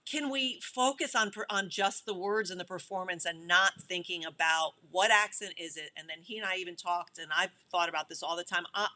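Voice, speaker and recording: A middle-aged woman film director talking in a casual interview, animated, often laughing and restarting her sentences. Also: medium pitch.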